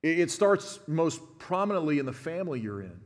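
A man's voice: a little high, very animated, brisk. Man in his fifties preaching in a hall. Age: 50s. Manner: conversational teaching, addresses the congregation directly. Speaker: pastor. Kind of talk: sermon. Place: church sanctuary.

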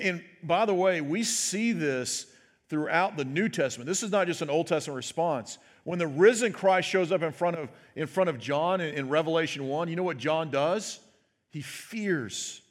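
A man's voice: a little high, lively intonation, normal speed. A pastor preaching a sermon in a conversational way, asking his listeners "right?" and acting out the quoted words. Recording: long hall reverb.

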